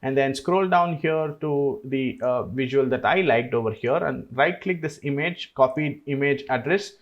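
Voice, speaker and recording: A man hosting a screen-recorded software tutorial, explaining each step in a relaxed way with frequent "uh"s. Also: mid-range voice, unhurried, muffled recording. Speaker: tutorial host.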